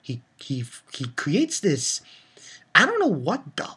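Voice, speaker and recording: Slow, husky man excitedly reviewing comics. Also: on the high side. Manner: excitable, loose and profane, with many fillers. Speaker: manga reviewer. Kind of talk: casual spoken review, retelling a comic chapter.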